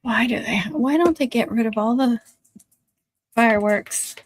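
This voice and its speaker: A woman with a drawl chats loosely with her livestream viewers from home. Her voice sits a little high and sounds close and dry, with no room around it. She laughs often and turns soft when she talks to her dogs. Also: a little slow, no room sound. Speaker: craft livestream host. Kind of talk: casual livestream chat with viewers. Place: at home in the country.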